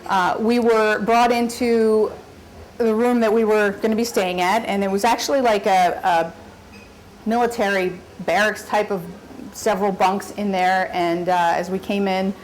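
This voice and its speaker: A woman telling a personal story on stage at a live event, animated and often laughing. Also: medium pitch, measured pace, slight background noise, low-quality recording. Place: story slam stage before an audience.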